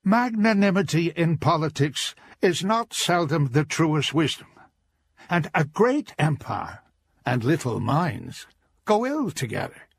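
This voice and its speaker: A man's voice: fairly high pitch, big pitch swings, a little slow, creaky, breathy edge, dry recording, full character voice. An actor playing an 18th-century statesman giving a formal speech. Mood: orating. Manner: oratorical, declamatory.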